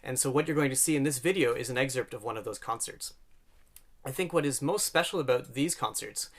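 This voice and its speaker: A man's voice: mid-range voice, brisk. A man from Canada hosting a concert video, talking in a chatty, self-deprecating way with frequent fillers. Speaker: pianist and concert series host. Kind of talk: casual video introduction.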